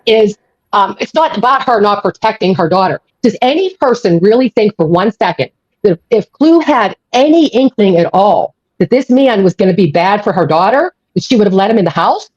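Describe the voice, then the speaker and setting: This live-stream host is furious, cursing freely and hammering the same points repeatedly. She has an expressive mid-range voice at a moderate pace, and the dull lo-fi audio carries no room sound.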